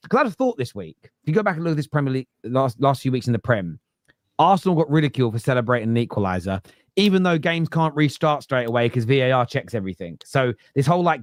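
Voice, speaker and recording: A man's voice: mid-range voice, no echo, clean studio sound. Chatty London man hosting a podcast. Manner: chatty, reads viewer comments aloud. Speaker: podcast host. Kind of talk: casual panel chat.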